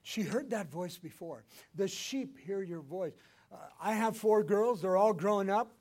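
An older man preaching a sermon, swinging between loud emphatic lines and hushed ones. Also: high voice, measured pace. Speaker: pastor.

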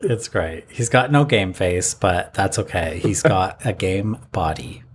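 A man's voice: sits low, measured pace, a little hiss or hum. A man co-hosting a podcast, recapping a reality show in casual chat and acting out the players' lines. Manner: lively storytelling, mimics the players.

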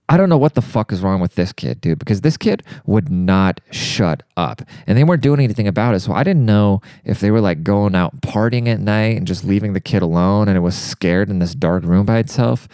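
Profane, rambling young man with dark voice. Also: fairly low pitch, no echo, clean studio sound. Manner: profane, rambling, fired-up, says dude a lot. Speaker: monologue speaker. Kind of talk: crude comedic rant.

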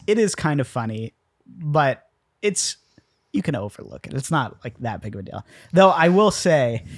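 A man's voice: medium pitch, no room sound, studio quality. A man co-hosting a casual film podcast, laughing often and hesitating with fillers. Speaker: podcast co-host.

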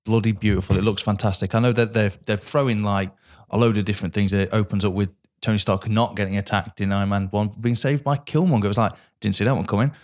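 A man's voice: fairly low pitch, steady tone, quick pace. A man co-hosting a podcast, chatting casually about films, swearing and correcting himself as he goes. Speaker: podcast co-host. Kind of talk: casual film chat.

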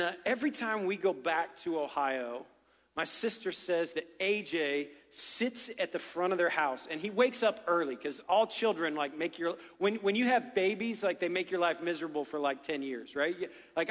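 High-voiced pastor in a big hall. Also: male voice. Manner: chatty, joking, many "right?" asides. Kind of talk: sermon. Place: church sanctuary.

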